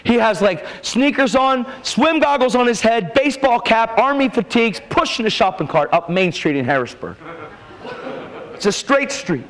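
A man preaching a testimony sermon at a church revival, telling his story with emphatic, animated delivery and quoted dialogue. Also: very high-pitched, normal speed, poor audio.

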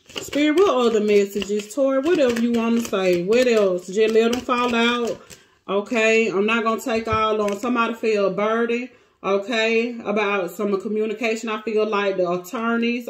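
A woman with giving a casual, emotional tarot reading to her viewers, close to tears. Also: fairly high pitch. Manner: emotional, dramatic, talks to cards and viewers. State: near tears. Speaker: tarot reader.

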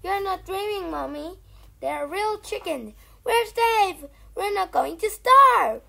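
A woman voicing an excited young male fox cub from a storybook, breathless and loud. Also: high-pitched, a little slow, creaky.

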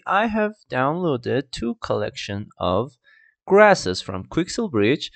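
Lively gravelly man explaining software. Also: fairly high pitch, no echo. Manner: lively, repeats "I mean" and "let's just" while walking through steps. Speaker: 3D tutorial creator. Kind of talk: screen-recorded software tutorial.

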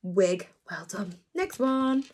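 A woman's voice: mid-range voice, lively intonation, slow, a little mellow. A woman teaching a phonics lesson to young children online, encouraging and sing-song, sounding out letters.

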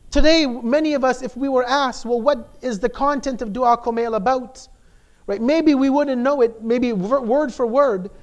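A man's voice: very high voice, a little mellow. A man giving a conversational sermon as a shaykh, explaining with frequent "right?" tags and emphatic repetition.

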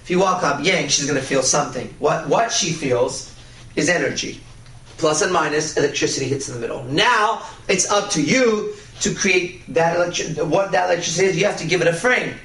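A man lecturing on dating with a cocky, swaggering delivery and a casual habit of swearing. His voice sits a little high for a man. It is recorded from a distance in an echoey room. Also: a little fast, a bit bright. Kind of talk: lecture with anecdotes. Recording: roomy echo, voice from a distance.

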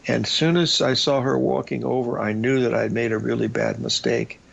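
A man's voice: mid-range voice, fairly even intonation, normal speed, gravelly, muffled recording. An older man hosting a radio show, telling long rambling stories about his past with lots of fillers. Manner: rambling anecdotal storytelling with fillers.

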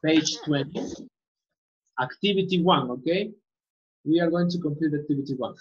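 In muffled, lo-fi audio, a woman with a deep voice teaches an online English class at a moderate pace. She repeats words often and frequently asks "okay?" to make sure students follow.

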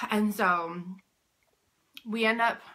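A woman's voice: mid-range voice, extremely slow. A woman and boutique owner telling a story to camera in a casual, chatty way, with "like" in nearly every phrase. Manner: chatty, heavy use of "like", animated retelling. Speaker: boutique owner and business coach.

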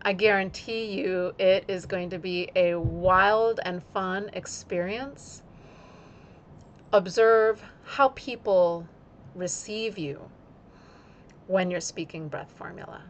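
A woman yoga teacher speaking in an instructional video, using slow, deliberate phrasing timed to her breath. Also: fairly low pitch, fairly even intonation, a little hiss or hum.

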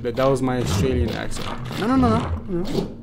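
A man's voice: mid-range voice, sing-song, a little fast, creaky. A man from Africa, giving playful, jokey let's-play commentary and talking back to game characters. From South Africa. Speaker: gaming YouTuber. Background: loud game music.

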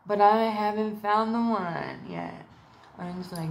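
Sitting at home, a woman vlogger talks to camera in a slow, medium-pitched voice with a slight hiss or hum behind it. Her monologue rambles and swears freely, wandering from topic to topic and dipping into little put-on voices as she quotes people.

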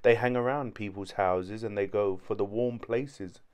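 A man's voice: fairly low pitch, normal speed, smooth. Man narrating a story aloud. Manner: steady first-person telling. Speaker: audiobook narrator.

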